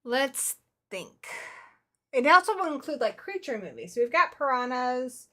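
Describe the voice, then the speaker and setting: Bright high-voiced woman hosting a stream. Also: very animated. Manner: chatty, quick to react, talks to viewers by name. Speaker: livestream host. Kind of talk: casual chat, reading viewer comments.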